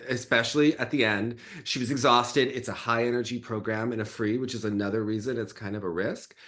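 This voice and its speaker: A man hosting a casual skating chat, teasing and lively, with quick asides. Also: fairly low pitch. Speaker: host.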